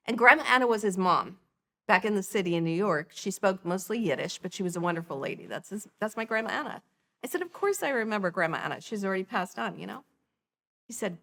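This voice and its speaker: A woman's voice: mid-range voice, quick pace. A middle-aged woman, a podcast guest, telling her personal story with animation and acting out the dialogue. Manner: animated, acts out quoted dialogue. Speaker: guest, nonprofit founder.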